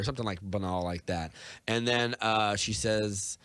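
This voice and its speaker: A man's voice: lowish voice, steady tone, measured pace, a bit bright, smooth, no echo. Young man, casual podcast chat, rambling, lots of fillers, dry close sound. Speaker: podcast co-host.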